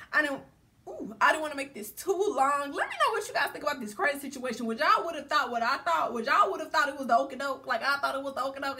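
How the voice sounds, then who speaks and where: Chatty, slangy, high-pitched woman vlogger. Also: bright, forceful tone. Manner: chatty and slangy, addresses viewers directly. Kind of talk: casual storytime chat.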